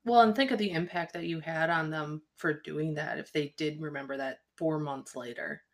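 A woman's voice: deep voice, normal speed. A woman co-hosting a podcast, chatting in an enthusiastic, supportive way. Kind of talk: casual podcast chat.

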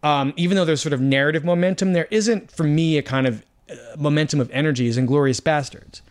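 A man's voice: fairly high pitch, fast. A man, a film critic, talking casually on a podcast, often searching for words and restarting his sentences.

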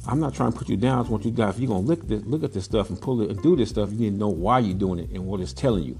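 Low-voiced socal guy ranting blunt on his podcast, firing off questions, faint music behind. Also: very fast, hardly any pauses, dark tone. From Southern California. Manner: blunt, preachy, fires off rhetorical questions. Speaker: podcast host, pigeon breeder. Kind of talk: casual monologue.

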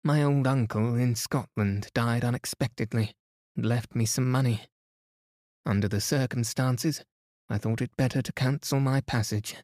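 A man's voice: medium pitch, steady tone, normal speed, a little mellow, dry recording, studio quality, lightly acted. A man voicing an earnest young captain explaining himself plainly in a bedtime story. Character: young male captain back from the tropics.

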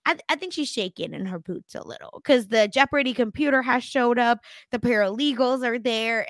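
A woman's voice: on the high side, fairly bright tone, no room sound. A young woman co-hosting a podcast, recapping a TV episode in casual chat with dramatic asides. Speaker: podcast co-host.

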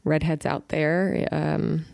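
Middle-aged woman, podcast co-host, casual chat, lowish voice, dry close sound. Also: level tone, slow, gravelly, a little mellow, dry recording.

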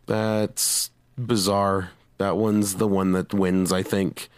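A man's voice: low voice, level tone, slow pace, smooth, dry recording. A man co-hosting a casual podcast, joking around and laughing often. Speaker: podcast co-host. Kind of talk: casual chat.

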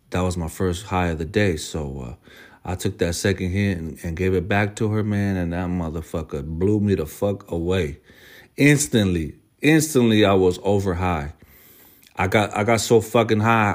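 A man with a low voice telling a personal story to his viewers. He talks in loose, casual slang, restarts his sentences often and swears freely. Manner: profane, slangy, rambling.

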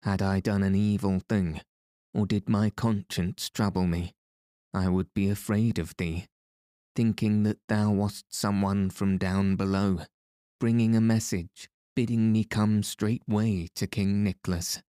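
A man's voice: on the low side, steady tone, measured pace, warm tone, dry recording, studio quality, close to an everyday voice. A man voicing a merry, bold male outlaw hero who speaks in playful, mock-courtly old-fashioned phrases in a storybook reading. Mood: friendly.

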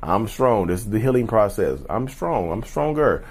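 A man's voice: lowish voice, very animated, moderate pace, husky. A man in a casual vlog monologue, blunt and emphatic, swearing freely and calling his viewers "y'all.". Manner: grows loud and heated. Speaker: vlogger on personality disorder.

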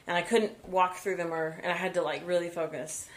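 A young woman co-hosting a podcast, telling an animated story in casual chat and swearing freely. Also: on the low side, brisk. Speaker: podcast co-host.

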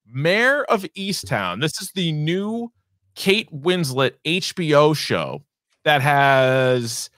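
A man's voice: fairly high pitch, sing-song, slow pace, a bit bright, no room sound, clean studio sound. A man co-hosting a podcast, rambling through entertainment news in casual chat and swearing now and then. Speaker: podcast co-host.

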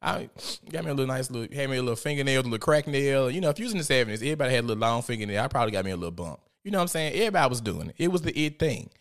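A man's voice: medium pitch, expressive, racing. A man giving casual, profane, gossipy commentary as host, often laughing.

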